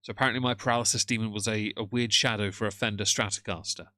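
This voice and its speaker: A man hosts a live stream with a sardonic, mocking tone, chatting freely to his viewers. His voice sits on the low side yet sounds bright and forward. The recording is dry and close, with no room sound. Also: fairly even intonation, fast talker, no echo. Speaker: livestream host. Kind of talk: casual live-stream commentary. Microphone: headphones on, moderating chat from a phone.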